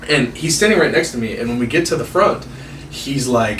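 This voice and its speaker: A man's voice: medium pitch, lively intonation, fairly quick, fairly bright tone. A male comedian telling a rambling story in casual podcast chat, laughing, swearing and acting out the people in it. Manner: rambling, laughing, swearing, acts out voices in anecdotes. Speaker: guest comedian. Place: podcast room. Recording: echoey room, distant from mic, noisy.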